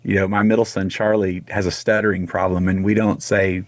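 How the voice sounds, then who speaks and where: A middle-aged man from Texas telling a personal story in a casual radio interview, animated and full of restarts. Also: deep voice, fairly quick, no room sound. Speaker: guest singer.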